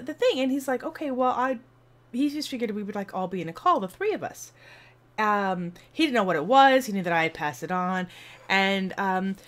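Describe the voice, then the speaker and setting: A woman streamer telling a rambling, animated story to her viewers, acting out the voices as she goes. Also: sits high. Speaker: streamer and video host.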